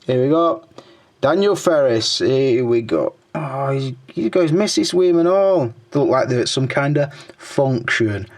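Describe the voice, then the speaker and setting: A man's voice: mid-range voice, expressive, a little slow, a little mellow. Crude, joking middle-aged guy. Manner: crude, joking banter full of swearing, muttering under his breath while scrolling. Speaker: toy reviewer and channel host. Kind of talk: casual chat reading viewer comments.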